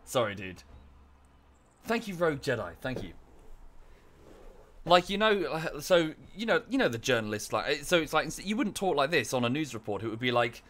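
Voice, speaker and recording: A man's voice: medium pitch, very animated, normal speed, long pauses, a bit bright. A man streaming live, chatting casually in a rambling way with many fillers and restarts, thanking viewers in chat as he goes.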